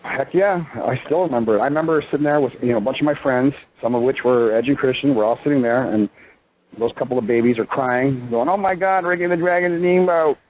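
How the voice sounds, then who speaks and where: A man in his thirties, a pro wrestler and interview guest, talking in a rambling, excitable way full of fillers. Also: medium pitch, fast talker. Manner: excitable, rambling, full of "you know" and "I mean". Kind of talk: casual phone interview. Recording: tinny phone line with faint hiss.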